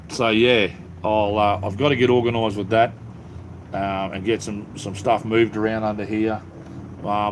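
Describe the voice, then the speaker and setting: This middle-aged Australian streamer has a fairly low pitch and hosts a casual, wandering livestream, dropping many ums. He broadcasts from the cleared-out area under his house with slight background noise.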